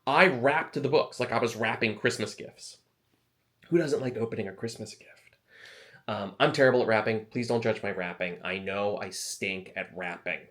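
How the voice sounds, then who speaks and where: A man's voice: on the low side, moderate pace, fairly bright tone. A man talking casually to camera as an author giving advice, chatty and self-deprecating, wandering into asides. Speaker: author and video host.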